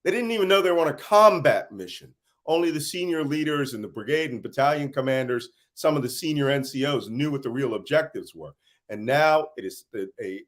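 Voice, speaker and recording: A worn-out middle-aged American man gives interview answers on a conflict. He tells his points as lively stories, chuckling here and there. His voice sits at an ordinary middle pitch. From United States. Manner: animated storytelling with laughs. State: tired. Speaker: interview guest, intelligence analyst.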